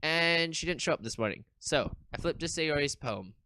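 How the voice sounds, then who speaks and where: A streamer reads a visual novel's text aloud and reacts in an animated, casual way, swearing now and then. The voice is bright and crisp, with a dry, close sound. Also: mid-range voice, normal speed, no room sound. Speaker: streamer playing a game. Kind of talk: casual let's-play commentary and reading.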